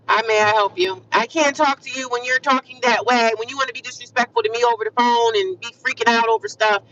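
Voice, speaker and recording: A woman's voice: medium pitch, a bit bright, slight background noise. A woman chatting casually on a livestream, upbeat and talkative, often repeating affirmations. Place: inside a car. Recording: distant, muffled phone audio.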